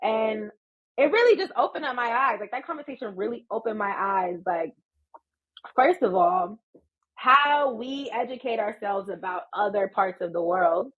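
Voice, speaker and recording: Brief: American woman, 30s, podcast guest, animated storyteller, somewhat high and husky voice, slightly muffled audio. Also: normal speed. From United States. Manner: animated, laughs often while telling stories. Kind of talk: casual storytelling chat.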